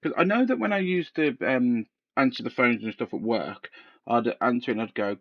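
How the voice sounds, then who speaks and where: A man chats loosely on a podcast, joking, rambling and laughing as he goes. His voice sits mid-pitched but swings widely. The headset audio sounds dull and lo-fi. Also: lively intonation, normal speed, no echo. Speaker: podcast host. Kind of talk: casual chat.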